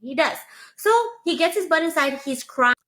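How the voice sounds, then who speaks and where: Animated woman telling a confession. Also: sits high, normal speed. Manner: animated, quotes herself and others. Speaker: storyteller sharing a confession. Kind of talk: casual storytelling.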